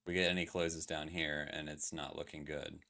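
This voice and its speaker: A man's voice: a bass voice, level tone, moderate pace, bright, forceful tone. A man streaming live, talking casually through crypto chart analysis with lots of fillers and questions to his chat. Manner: loose, filler-heavy, asks chat questions.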